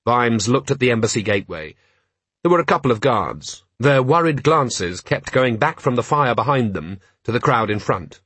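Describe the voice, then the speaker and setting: A man narrating a novel in a measured, dry storytelling manner. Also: mid-range voice, a bit bright, husky, no echo. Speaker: audiobook narrator. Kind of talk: scripted narration.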